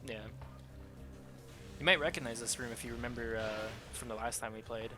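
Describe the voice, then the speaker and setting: A man's voice: mid-range voice, normal speed, music in the background. A man casually commenting as his friend plays a game, chatty and laughing often. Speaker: guide watching a friend play.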